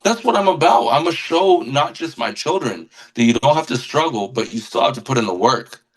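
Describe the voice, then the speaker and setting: A man's voice: medium pitch, expressive, brisk, poor audio. A man who is a guest musician on a podcast, talking with earnest passion and often repeating words as he searches for them. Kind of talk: casual podcast conversation.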